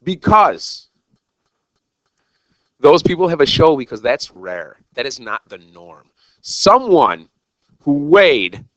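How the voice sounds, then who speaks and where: A man's voice: a little high, very animated, takes it slowly, long pauses, fairly bright tone, no room sound, dull audio. A man teaching a recorded algebra lesson, talking straight to his students in an exuberant, jokey, self-mocking way. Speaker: math teacher.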